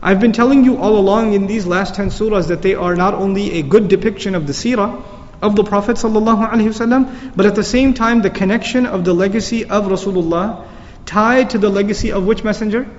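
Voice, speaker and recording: A man's voice: high-pitched, fast talker. A man teaching a Quran lecture, explaining Arabic words and reciting verses, recorded lo-fi in a reverberant hall.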